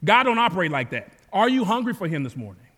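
A man's voice: high voice, very animated, fast talker, a bit bright, in a large hall. An American man, a campus pastor, preaching a sermon with easy storytelling that climbs into fervent calls to the congregation. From United States. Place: church sanctuary.

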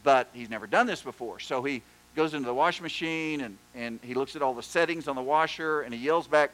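A pastor preaching a sermon, telling stories and doing animated voices for the people in them. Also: male voice, medium pitch, a little fast, rough recording. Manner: storytelling, animated joke voices.

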